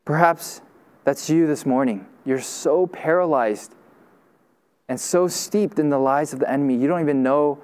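Earnest, fairly high-voiced male pastor. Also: normal speed, a little mellow, clean tone. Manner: earnest, emphatic, dropping low at the ends of phrases. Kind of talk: sermon.

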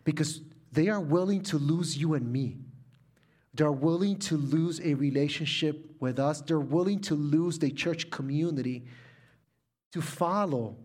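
A middle-aged man from Puerto Rico giving a sermon, telling a personal family story with animated delivery that turns soft and quiet in heartfelt moments. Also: fairly high pitch. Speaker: preacher.

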